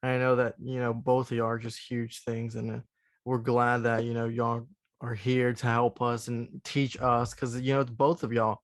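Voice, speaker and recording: Man, podcast co-host, flat monotone delivery, affirming, dry close sound. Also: medium pitch, normal speed, dry recording. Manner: affirming, frequent short reactions. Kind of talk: casual podcast chat.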